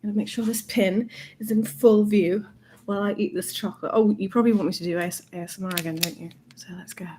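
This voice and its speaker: A young woman, the host, chatting playfully and softly as she tastes sweets on a livestream at home. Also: medium pitch, steady tone, quick pace, noisy background. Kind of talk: live-stream food tasting chat.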